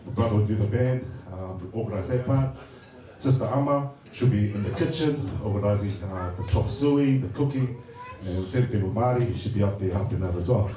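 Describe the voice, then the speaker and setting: A middle-aged man from Samoa gives a casual, joking speech at a birthday party, hesitant and full of fillers. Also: fairly low pitch. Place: large party hall. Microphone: handheld mic. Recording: echoey hall from far off, noisy.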